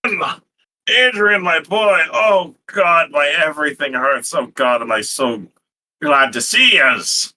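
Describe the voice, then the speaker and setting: A man putting on a high, bright, blustering fat rogue who talks rough and calls people "yous". The voice is lively and strained, like a hurting man who still can't stop talking. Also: measured pace, recorded from a distance, full character voice. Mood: groaning, relieved. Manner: coarse dialect, says "yous".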